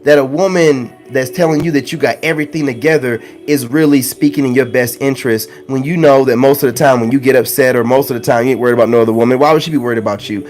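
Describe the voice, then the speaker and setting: A man's voice: mid-range voice, fast talker, few pauses, a little mellow. A man ranting to his viewers in a blunt, preachy monologue, full of slang and with lines repeated for emphasis. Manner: slangy, conversational. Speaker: spiritual self-help vlogger.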